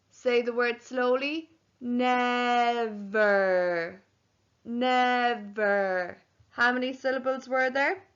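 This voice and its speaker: Slow, clear teacher sounding out words. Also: female voice, sits high, fairly bright tone, dull audio. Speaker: primary school teacher. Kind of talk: home learning phonics lesson.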